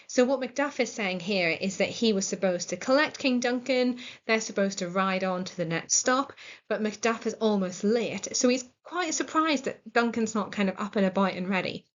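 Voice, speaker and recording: An English woman teaching a recorded literature lesson, explaining the scene clearly and encouragingly. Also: medium pitch, moderate pace, highs cut off.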